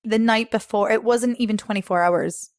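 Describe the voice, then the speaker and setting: A woman's voice: a little high, moderate pace, darkish tone, no room sound, studio quality. A young Scottish woman, a podcast guest, telling travel stories in a chatty way, laughing often and acting out what others said. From Scotland. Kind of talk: casual storytelling interview.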